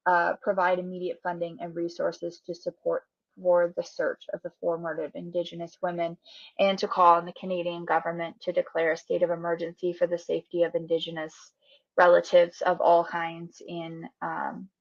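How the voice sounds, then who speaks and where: A woman presenting a radio news segment in a calm, earnest way, with frequent ums and uhs. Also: on the low side, moderate pace, gravelly, no echo. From northern Minnesota, USA. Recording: dull, lo-fi and dry.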